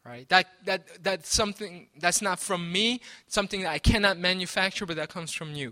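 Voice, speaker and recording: A man's voice: high voice, lively intonation, normal speed, sharp tone. A man preaching a sermon, conversational, often checking in with "right?" and restarting his sentences. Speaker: pastor.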